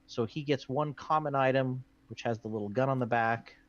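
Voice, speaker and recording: A man's voice: mid-range voice, normal speed, fairly bright tone, dull audio. A man hosting a board game stream, chattily explaining the rules with plenty of ums and uhs. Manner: chatty, with many fillers. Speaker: board game show host.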